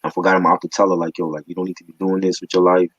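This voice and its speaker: A man's voice: low-pitched, level tone, racing, a bit bright, husky, no echo, muffled recording. A man co-hosting a casual hip hop album review, slangy, joking and opinionated.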